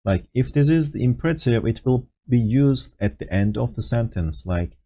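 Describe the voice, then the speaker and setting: A man's voice: mid-range voice, moderate pace, hardly any pauses, mellow. A man teaching a language lesson over an online voice call, explaining patiently with fillers and acting out example phrases. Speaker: Turkish teacher. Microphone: voice call on Discord.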